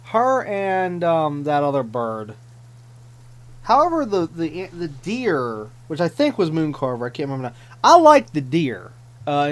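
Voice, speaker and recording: Ranting gaming commentator man. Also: a little high. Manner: exasperated ranting, mocking voices. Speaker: gaming channel host. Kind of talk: let's play commentary.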